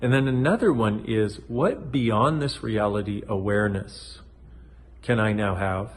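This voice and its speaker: A middle-aged man giving a casual motivational talk to camera, playful and animated, wandering off track and swearing now and then. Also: lowish voice, measured pace, slight background noise. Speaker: self-help video host.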